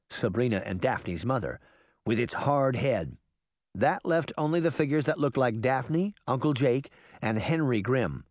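A man narrating a children's fantasy audiobook in a lively storytelling manner. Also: medium pitch, no room sound, studio quality. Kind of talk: scripted narration.

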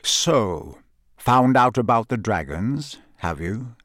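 A man voicing a gruff, grizzled old wizard, blunt and suspicious, with a growling delivery. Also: medium pitch, sing-song, slow, a bit bright, no echo, clean studio sound.

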